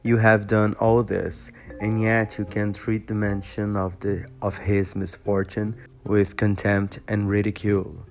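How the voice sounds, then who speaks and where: A man voicing a spirited, indignant young woman in a storybook reading, with a forceful, accusing delivery. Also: fairly low pitch, flat delivery, unhurried, few pauses. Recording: guitar music behind voice.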